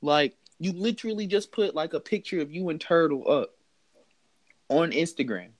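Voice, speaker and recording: A young man telling a story in casual chat, animated and mocking, laughing as he goes. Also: a little high, a little fast. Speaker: podcast host telling a story.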